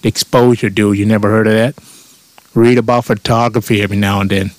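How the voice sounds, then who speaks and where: A man's voice: fairly low pitch, level tone, quick pace, dry recording. Blunt, profane man ranting. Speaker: comedian. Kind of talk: profane comedic rant.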